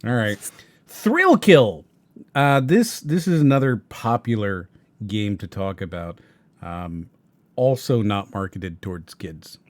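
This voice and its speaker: A man's voice: on the low side, lively intonation, slow pace. A man hosting a casual podcast, wry and teasing, trailing off as he thinks aloud. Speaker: podcast host.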